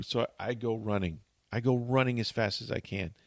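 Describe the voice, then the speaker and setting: A man hosting a talk show, telling a long story in animated, chatty fashion and acting out what people said. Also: on the low side, moderate pace, creaky, no room sound, clean studio sound. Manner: tells long stories, acts out quotes.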